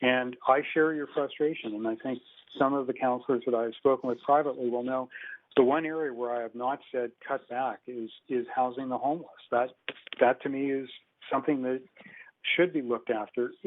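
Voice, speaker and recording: A man's voice: mid-range voice, slight background noise. Hesitant man over a tinny phone line. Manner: measured and hesitant, with restarts. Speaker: speaker answering council questions. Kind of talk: public comment at a council meeting.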